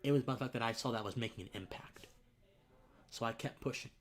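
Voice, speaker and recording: Earnest and emotional, this young man speaks in a medium pitch during a live-stream monologue as a political podcaster and streamer. His speech halts, words repeat, and at times his voice sinks almost to a whisper.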